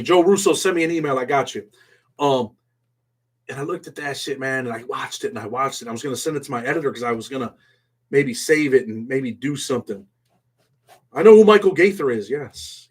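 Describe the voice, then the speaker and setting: Blunt man talking slangy live-stream chat. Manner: blunt street slang, "man" after every phrase; swings from low mumbles to loud excited outbursts.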